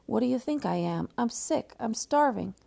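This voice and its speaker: A woman's voice: on the high side, animated, normal speed, vocal fry, warm tone, voice pushed up, exaggerated voice. A woman reading aloud the lines of a whiny male tramp begging for food.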